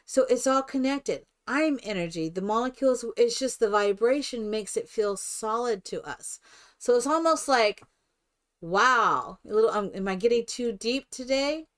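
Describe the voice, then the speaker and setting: An older woman streaming herself playing a game, chatting in a rambling, animated storytelling way. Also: on the high side, moderate pace. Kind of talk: casual chat while playing a life-simulation game.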